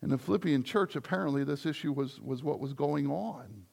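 A man's voice: on the high side, a little fast, vocal fry, darkish tone, slightly rough. A man preaching a sermon as the church's pastor, in a conversational style that builds to emphatic points.

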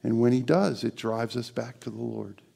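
A middle-aged male pastor preaching a sermon in a church, climbing to animated emphasis and sinking to a soft, prayerful hush. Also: medium pitch, moderate pace, creaky. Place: church sanctuary.

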